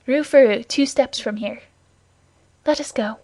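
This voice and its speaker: A woman's voice: on the high side, unhurried, warm tone, no echo. Brave young guardsman in an audiobook, read by a woman: earnest, gallant, commanding, dry recording.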